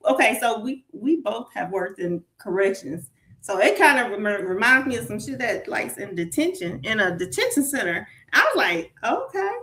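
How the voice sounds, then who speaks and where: Animated Southern woman, roomy echo. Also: medium pitch, normal speed. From Southern United States. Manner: animated, laughing, rambling with fillers. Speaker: guest. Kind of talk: casual chat.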